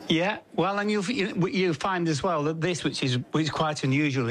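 A man's voice: on the high side, a bit bright. A man who used to play football, speaking as a pundit in an interview, rambling and repeating words. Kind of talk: interview chat.

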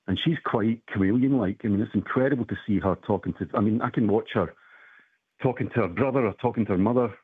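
A man's voice: lowish voice, fast, slightly rough, dry recording. A man from Scotland, calling in and reminiscing in a reflective, hesitant way. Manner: reflective, hesitant with many ums. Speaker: caller. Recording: phone line.

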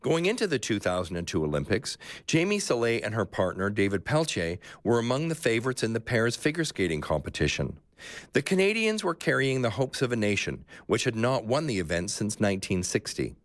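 A man hosting and narrating a radio sports documentary, telling the story in a measured, expressive way and asking interview questions. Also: medium pitch, no room sound, studio quality. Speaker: host and narrator.

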